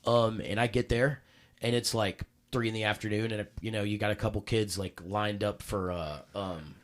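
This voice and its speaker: A man, a podcast guest, telling a story in casual chat, animated and full of cursing and acted-out quotes. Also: fairly low pitch, moderate pace.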